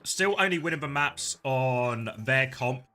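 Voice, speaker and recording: Man, esports co-stream host, casual chatty talk, very bright tone, reads viewer questions. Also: mid-range voice, lively intonation, measured pace, faint music behind. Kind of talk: casual live commentary chat.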